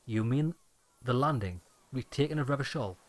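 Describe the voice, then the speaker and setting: A man's voice: mid-range voice, animated, normal speed, natural voice. A man reading as a blunt probing detective. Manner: questioning, blunt. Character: probing male police detective, middle-aged.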